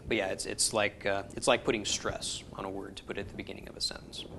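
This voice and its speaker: Low-voiced man teaching a class. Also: flat delivery, fast talker, vocal fry, fairly bright tone, slight background noise. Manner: patient, explanatory, with many ums and restarts. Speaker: Hebrew teacher. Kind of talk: classroom lecture.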